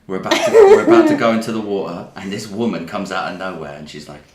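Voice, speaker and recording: A man's voice: low voice, quick pace, crowd noise. A man chatting on a livestream, telling a story and laughing often as he goes. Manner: animated anecdote-teller, laughs through his own story. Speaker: livestream host. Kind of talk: casual chat, storytelling. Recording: roomy echo with faint background hiss.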